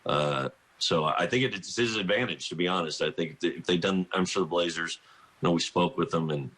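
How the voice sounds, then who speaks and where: Man, middle-aged, bright edge, husky, rambling, self-interrupting, radio interview guest. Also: low voice, a little fast. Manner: rambling, self-interrupting, laughs through anecdotes. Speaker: college basketball coach, guest. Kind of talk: phone-in radio interview, storytelling.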